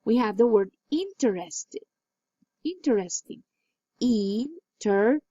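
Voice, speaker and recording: A woman teaching an English lesson, reading exercises slowly and clearly and praising answers. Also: a little high, very animated, darkish tone, no room sound. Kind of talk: recorded classroom lesson. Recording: dull, lo-fi dry recording.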